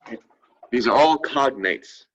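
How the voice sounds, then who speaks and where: A man teaching a language class, explaining each point slowly and checking in with "right?" after every idea. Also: mid-range voice, lively intonation, a bit bright, husky. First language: French. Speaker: French teacher. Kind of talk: classroom lecture. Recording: dull lo-fi recording.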